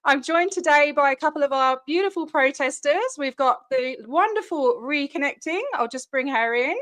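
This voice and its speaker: Bubbly high-voiced Australian woman. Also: fairly bright tone, no echo. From Western Australia. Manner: bubbly, chatty, quick to laugh. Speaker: livestream host. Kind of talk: casual livestream chat.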